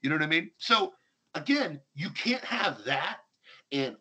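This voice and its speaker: A man's voice: sits high, very animated, takes it slowly, sharp tone, husky. A man hosting a talk show, ranting sarcastically and with heavy emphasis. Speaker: podcast host. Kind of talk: heated opinion talk.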